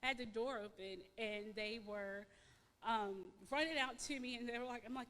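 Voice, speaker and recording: A woman with a somewhat high voice tells her personal testimony in church. She speaks in an emotional, halting way, restarting and repeating words with plenty of fillers. Her voice carries a long reverb from the sanctuary. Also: fairly even intonation, fairly bright tone. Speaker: church member giving testimony.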